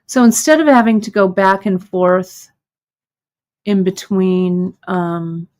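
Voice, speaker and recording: Female host for a live hands-on lesson: measured, leisurely delivery, warm checking-in with viewers. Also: mid-range voice, animated. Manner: patient, step-by-step, checks in with "okay?". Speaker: host demonstrating bead embroidery. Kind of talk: live craft tutorial.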